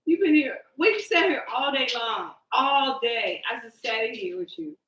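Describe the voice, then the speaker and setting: A woman giving a casual tarot reading, animated and joking, laughing often as she talks. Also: fairly high pitch, normal speed, reverberant, rough recording. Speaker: tarot card reader.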